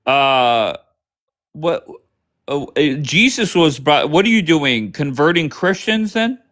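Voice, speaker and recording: A man's voice: on the high side, animated, slow, a bit bright. A man hosting a casual live stream, asking rambling questions with many fillers.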